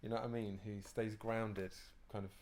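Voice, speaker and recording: A male host with a lowish voice leads a relaxed conversation. He keeps his turns short, with brief prompts and soft sounds of agreement. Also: moderate pace. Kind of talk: casual interview.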